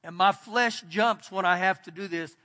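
A man's voice: high-pitched, moderate pace, sharp tone. A man pastor giving a sermon in a church, preaching in an emphatic, folksy way. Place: church sanctuary. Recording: long church hall reverb.

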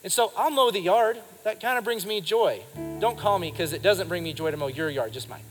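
A man in his thirties preaches a sermon a little fast, his high, expressive voice sounding slightly bright. He delivers it emphatically and calls for responses from the congregation, live in a reverberant church hall with music behind him.

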